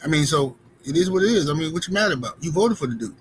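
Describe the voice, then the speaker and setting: A man's voice: a little high, expressive, fast, slight background noise, poor audio. A man hosting a live stream, speaking bluntly in casual commentary and often repeating his phrases. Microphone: streaming setup mic.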